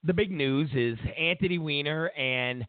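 A man's voice: on the high side, a little slow, smooth, dry recording. A male talk show host in a mocking, rambling comedic political rant, repeating his phrases. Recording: tinny phone-like line, dry.

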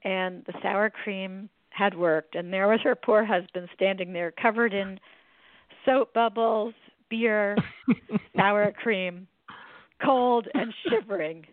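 A woman hosting a podcast, telling funny stories in a lively way and laughing as she goes. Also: medium pitch, slow pace, dry recording. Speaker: podcast host. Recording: phone-like, dry sound.

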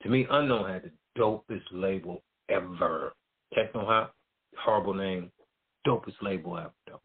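Middle-aged man, music promoter, husky voice, slangy storytelling, tinny phone-like line. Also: sits low, normal speed. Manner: loose slangy storytelling, acts out quotes. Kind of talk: casual storytelling.

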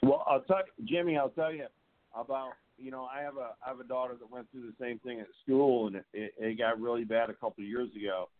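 A man's voice: medium pitch, fairly even intonation, fast, a little hiss or hum. A man with a Southern accent hosting a casual talk radio show, chatty and repeating himself as he talks. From American South. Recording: tinny phone-like sound.

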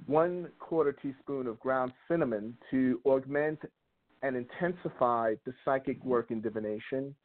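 A man with a New York accent, a rootworker on a call-in radio show, reading out herbal spell instructions step by step. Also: mid-range voice. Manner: reads instructions methodically. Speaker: rootworker giving a spell segment. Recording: phone-line call-in audio.

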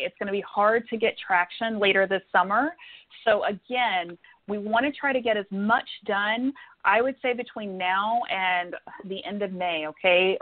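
A woman's voice: mid-range voice, phone-quality sound. Woman medium on a call-in show, tone mid, sounds thin like a phone. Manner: emphatic, repeats words for stress. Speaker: psychic medium guest. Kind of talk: radio call-in readings.

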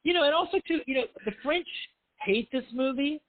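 A man's voice: extremely high pitch, lively intonation, fairly quick, no echo. A middle-aged man, a film writer and director, talking casually in an interview, rambling and self-deprecating with many restarts. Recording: tinny phone-like line.

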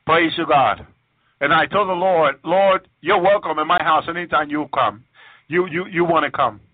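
A man's voice: fairly high pitch, dry recording. Fervent preacher man over a tinny line. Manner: fervent, repetitive, interjects praise. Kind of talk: testimony sermon. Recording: tinny dry phone-like radio broadcast.

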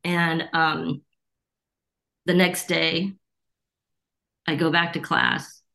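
A woman's voice: low-pitched, steady tone, drawn-out words, creaky, bright, forceful tone. A middle-aged woman from the United States, a Reiki teacher, telling stories in an interview and acting out the voices of people she quotes. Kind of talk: storytelling interview.

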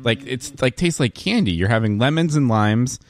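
A man's voice: medium pitch, expressive, moderate pace. A man co-hosting a podcast, chatting casually and sounding amazed by the strange flavors he tries. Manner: amazed, exclamatory, laughing. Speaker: podcast co-host. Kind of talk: casual chat while taste-testing food.

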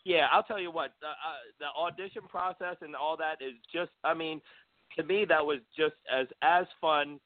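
Easygoing chef co-host: mid-pitched man grumbling casually, dry close sound through a phone-like band. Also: steady tone, moderate pace, no echo. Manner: laid-back, grumbling, swears casually. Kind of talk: casual chat.

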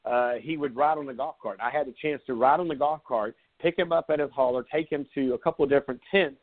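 A man's voice: mid-range voice, fast. A man in his forties from South Carolina, a sports talk host telling rambling, sarcastic stories in casual live chat. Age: 40s. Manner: rambling storyteller, laid-back and sarcastic. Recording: tinny phone-like line.

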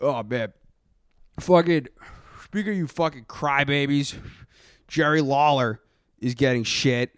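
A man's voice: medium pitch, measured pace, long pauses, smooth, no echo, studio quality. A man hosting a comedy podcast in character, ranting aggressively and swearing constantly. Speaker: podcast host.

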